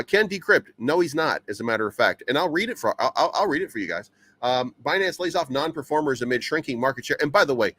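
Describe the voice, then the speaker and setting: A man's voice: mid-range voice, a bit bright. A man hosting a crypto news channel, reading headlines aloud and rambling through them with stammering repeats and many fillers.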